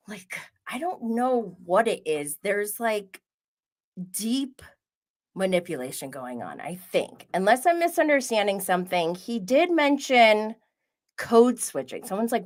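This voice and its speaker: Slow, giggly woman chatting about TV. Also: medium pitch, fairly bright tone. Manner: chatty, giggly, lots of "like" and asides. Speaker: podcast host recapping reality TV. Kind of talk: casual solo chat.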